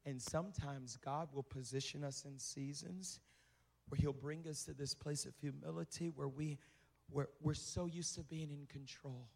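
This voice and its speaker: Higher-voiced man preaching in a reverberant hall. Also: steady tone, normal speed, gravelly, a little mellow. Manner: conversational preaching with repeated phrases for emphasis. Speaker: pastor. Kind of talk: sermon. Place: church sanctuary. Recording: reverberant hall with music behind.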